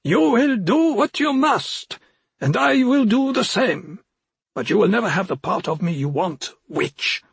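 A proud old forest imp speaks in a raised, husky voice, every word formal and stately, as a man acts him out. The storybook reading is close and dry, with no room around it. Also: sits high, sing-song, unhurried, no room sound, voice pushed up, heavily acted. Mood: defiant. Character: proud ancient male forest imp, small and defiant.

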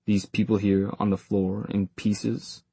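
A man voicing a world-weary male warlock who speaks in a dry, flat way. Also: on the low side, a little slow, vocal fry, husky, no echo, exaggerated voice. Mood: wry.

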